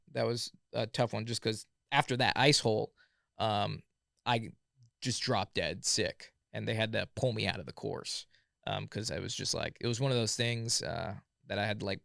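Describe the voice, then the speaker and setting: A man in his thirties from Southern California, telling stories as a podcast guest in a relaxed, rambling way full of "like" and "yeah, yeah, yeah.". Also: on the low side, normal speed, creaky, dry recording, studio quality. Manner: laid-back, full of "like" and "yeah, yeah, yeah". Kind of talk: casual storytelling chat.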